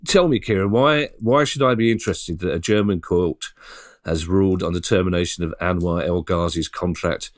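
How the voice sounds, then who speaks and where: Male host, deep voice, teasing, dry close recording. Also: normal speed, no room sound. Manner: teasing, playfully mock-serious questions. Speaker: podcast host. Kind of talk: casual podcast discussion.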